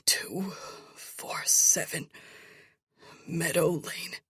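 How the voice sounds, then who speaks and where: A woman's voice: low voice, very slow, a bit bright, slightly rough, heavily acted. A woman voicing a terrified male captive with a strained, breaking, begging voice. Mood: pleading.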